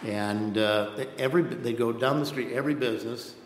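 A man preaching a missionary sermon in an earnest way, often repeating words as he builds a point. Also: a little fast. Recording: echoey hall with faint rumble.

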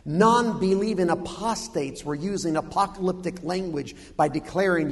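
Lively preacher in a reverberant hall. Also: male voice, high voice. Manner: animated, humorous, dramatic pauses. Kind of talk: sermon storytelling.

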